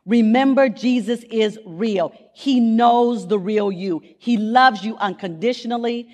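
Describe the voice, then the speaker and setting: Woman telling a testimony in an echoey church. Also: on the high side. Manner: animated storytelling with dramatic pauses. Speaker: guest speaker at church. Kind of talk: sermon testimony. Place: church sanctuary.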